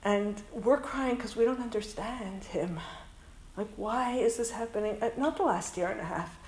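A woman's voice: medium pitch, moderate pace, darkish tone, echoey room, low-quality recording. A woman from Canada, a school principal who runs a summer camp, tells a heartfelt story to an audience. She speaks earnestly and emotionally and drops in Hebrew and Yiddish words.

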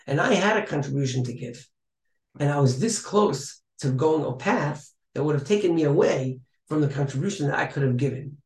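A man's voice: on the high side, expressive, brisk, darkish tone. A man voicing an older, humble rabbi who speaks earnestly and reflectively about his life. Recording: echoey room.

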